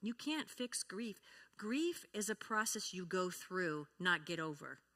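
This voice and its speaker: A woman's voice: fairly low pitch, very animated, a little slow, bright, forceful tone. A woman speaking at a church, teaching about feelings and grief, often asking the audience questions and acting out example replies. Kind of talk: teaching talk to a congregation.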